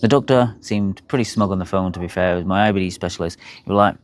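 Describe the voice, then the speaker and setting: A man's voice: deep voice, fast, few pauses, a little hiss or hum. A young man, bluntly telling his own health story to camera, swearing freely. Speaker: health vlogger.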